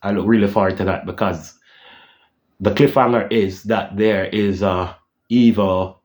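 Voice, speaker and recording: In a lowish, darkish voice, a channel host delivers a rambling casual vlog rant full of repetition. Lines often finish with "yeah?", and he hums dramatic sound cues along the way.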